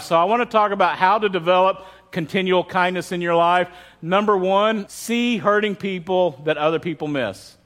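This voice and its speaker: A high-voiced male pastor preaches a sermon, telling candid and funny stories about his own faults. His delivery is frank and conversational, drawing the congregation in. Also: fairly bright tone. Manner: candid, humorous storytelling.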